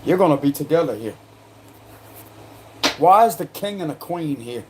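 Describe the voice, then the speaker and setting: A man with a South Carolina accent works through a tarot spread in loose, slangy talk. His voice sits fairly high for a man, and he breaks into laughter between cards. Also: lively intonation, moderate pace, darkish tone, a little hiss or hum. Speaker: tarot reader. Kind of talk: casual spoken tarot reading.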